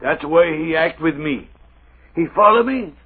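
Man doing woodsman, broken English, high voice, tinny old radio. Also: lively intonation, moderate pace, natural voice. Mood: excitable. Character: French-Canadian woodsman, excitable, broken English. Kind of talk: 1940s radio acting. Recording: old radio broadcast, phone-thin, very noisy.

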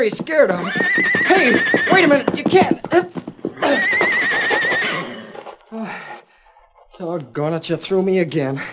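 An eager young cowboy chatters to himself in breathless exclamations, his pitch leaping about. It is an old-time radio play. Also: very noisy. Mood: urging. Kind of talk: 1940s radio drama acting.

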